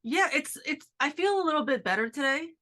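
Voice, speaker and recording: A woman's voice: high-pitched, animated, bright, forceful tone. A woman hosting a casual podcast chat from her cold garage over a video call, sounding nasal from a cold. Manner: chatty, upbeat, fast asides. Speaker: podcast host.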